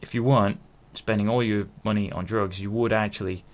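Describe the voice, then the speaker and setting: A podcast host in his twenties speaks a little fast in a lowish voice with fairly even intonation. He goes it alone in a rambling monologue, interrupting himself and cursing casually.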